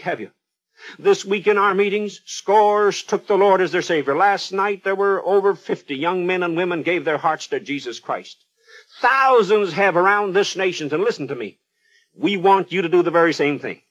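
A man's voice: high-pitched, moderate pace, a bit bright, lo-fi sound. A man preaching a radio sermon, fervent and pleading, putting pointed questions straight to the listener.

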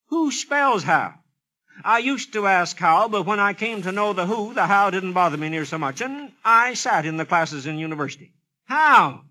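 A man's voice: high-pitched, expressive, normal speed, bright, forceful tone. A man preaching a radio sermon, acting out voices from the scripture and pressing the listener with repeated questions. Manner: dramatic, acts out biblical dialogue; emphatic, repetitive questioning.

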